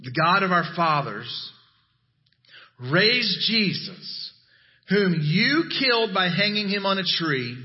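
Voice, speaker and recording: A man preaching a sermon as pastor, animated and emphatic. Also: highs cut off. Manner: animated, rising to emphatic highs.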